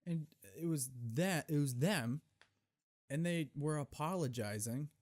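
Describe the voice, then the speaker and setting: A young man hosting a casual solo podcast, telling stories in a profane, rambling, animated way, recorded on camera. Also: on the high side, unhurried. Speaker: podcast host.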